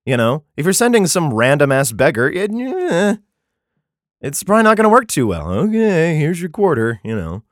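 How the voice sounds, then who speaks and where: Man, irreverent scripture commentator, swears freely, animated pitch, dry close sound. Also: normal speed, no room sound. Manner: profane, sarcastic, chuckling.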